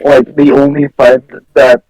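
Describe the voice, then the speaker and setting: A man playing in a tabletop game with friends, making slow, gravelly remarks. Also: medium pitch, flat delivery, mellow, poor audio. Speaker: player.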